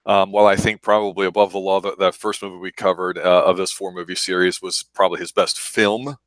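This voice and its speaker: Low-voiced man hosting a movie chat. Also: level tone, fairly quick, fairly bright tone, no echo. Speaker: podcast host. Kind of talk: casual movie review chat.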